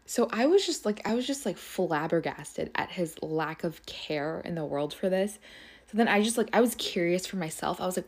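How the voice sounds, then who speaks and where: A young woman hosts her own podcast and tells a story in casual chat. Her voice sits low and has a gravelly fry. She talks in an animated way, says "like" constantly and swears freely. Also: normal speed. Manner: animated, swears often, lots of "like". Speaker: podcast host.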